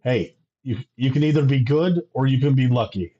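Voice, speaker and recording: A man's voice: medium pitch, normal speed, warm tone. A man narrating a live-streamed tabletop game as game master, joking, laughing and stumbling over his words. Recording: dull lo-fi stream audio.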